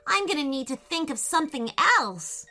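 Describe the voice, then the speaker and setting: A woman's voice: sits high, animated, normal speed, pushed and bright, pitched above the performer's own voice. A woman voicing an eager, polite little male bird in a children's storybook. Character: cheerful tiny helpful male bird.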